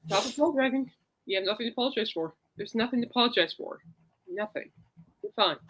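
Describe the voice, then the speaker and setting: A woman hosts a loose, rambling podcast chat. Her voice is bright and clear, and she talks in a reassuring way. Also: fairly high pitch, animated, quick pace, a little hiss or hum, poor audio. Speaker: podcast host. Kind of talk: casual chat.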